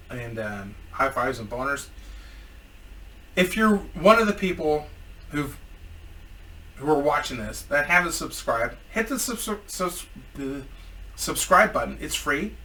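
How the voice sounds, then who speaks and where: A man's voice: fairly high pitch, sharp tone, recorded from a distance, slight background noise. A man telling a story in a casual, profane, rambling vlog as a YouTuber.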